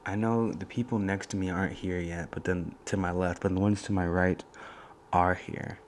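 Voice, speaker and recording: A young man hosting a casual solo podcast from a college dorm room, talking in a soft, hushed voice and rambling through stories. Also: low voice, fairly even intonation, moderate pace, slight background noise. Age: young adult. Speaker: podcast host.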